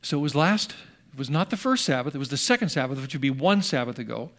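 An older man who is a pastor, preaching a sermon in an earnest storytelling manner that shifts between hushed and emphatic. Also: medium pitch, animated, fast.

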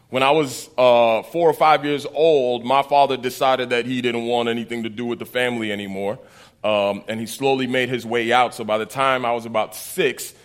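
Animated young man preaching casually. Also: medium pitch. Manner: casual, animated storytelling with laughs. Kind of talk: sermon with testimony.

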